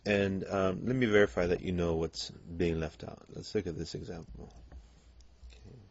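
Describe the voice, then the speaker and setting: A man's voice: sits low, steady tone, moderate pace, vocal fry. A man teaching a Spanish grammar lesson in English, explaining patiently with frequent "okay" and "um". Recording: dull lo-fi lecture recording.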